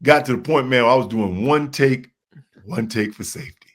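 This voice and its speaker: A man with a deep voice and an American accent, a guest telling animated stories in a casual interview. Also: normal speed. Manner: animated storyteller who acts out voices.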